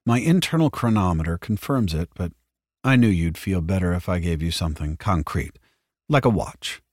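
A man voicing a calm male android who speaks in a precise, even, matter-of-fact way. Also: sits low, normal speed, dry recording, studio quality.

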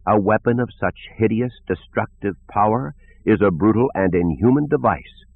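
A tired but unbending woman head of state, read by a man in a storybook, with a quavering, measured delivery. Husky voice, thin phone-like audio. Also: on the low side, dry recording. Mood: stern, resolute. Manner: quavering, firm, deliberate.

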